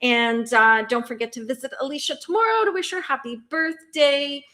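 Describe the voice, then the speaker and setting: Chatty bright-voiced woman streamer. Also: high voice, moderate pace. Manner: chatty, rambling, reads chat aloud. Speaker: livestream host. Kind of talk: casual chat closing a stream.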